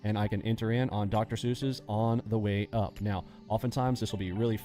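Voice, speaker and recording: A man hosting a live day-trading lesson, animated and acting out panicking traders with sound effects as he explains. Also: fairly low pitch, a little fast, soft background music. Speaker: day trading instructor and host.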